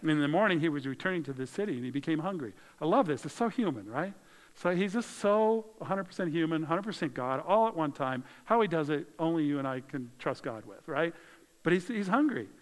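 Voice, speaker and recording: A male pastor delivers a lively sermon in a slightly higher voice than most men. He drops to near-whispers and then rises for emphasis, and a long reverb from a large hall trails his words. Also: brisk. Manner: animated, conversational preaching with dramatic shifts in volume.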